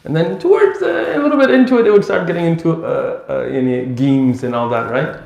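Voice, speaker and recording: A man giving an Islamic lecture, telling stories in an animated way and acting out bits of dialogue. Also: on the high side, fairly quick, gravelly. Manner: animated storytelling with acted-out dialogue. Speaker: Islamic teacher. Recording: roomy echo.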